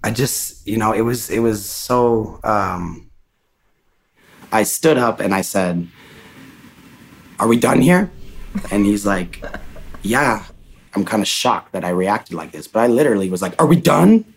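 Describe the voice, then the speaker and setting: A man being interviewed, recounting a personal story in a halting, reflective way with many restarts. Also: fairly low pitch.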